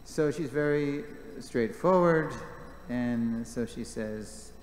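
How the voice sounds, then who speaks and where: A man's voice: mid-range voice, slow. Man teaching in an echoey hall. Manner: animated storyteller, reads quotes aloud, jokes with the class. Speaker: class presenter. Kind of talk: reading aloud and commenting in a class. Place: temple hall. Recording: echoey hall with faint background noise.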